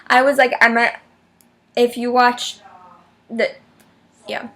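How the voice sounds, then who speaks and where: Young girl vlogging, kinda high voice, super dramatic fangirl, says like a lot, screams names out of nowhere. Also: level tone, slow, long pauses, a bit bright. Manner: gushing fan, shrieks names in high bursts; heavy "like" filler, chatty and dramatic. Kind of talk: excited casual vlog storytelling.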